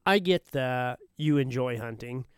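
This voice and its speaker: A man co-hosting a podcast in casual chat, making wry short points as he reasons out loud. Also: mid-range voice, expressive, measured pace, clear, resonant tone, dry recording, clean studio sound. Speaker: podcast co-host.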